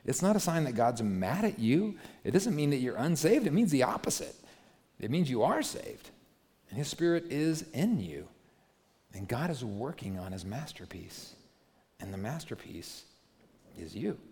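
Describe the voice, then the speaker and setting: A man preaching a sermon as a pastor, moving from hushed, gentle passages to loud, animated ones. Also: mid-range voice, moderate pace. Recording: long hall reverb.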